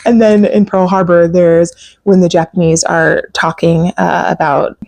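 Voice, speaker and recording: A woman hosting a casual solo podcast, chatty and animated, laughing often and saying "like" a lot. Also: lowish voice, a little slow, creaky, no echo. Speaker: podcast host. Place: home.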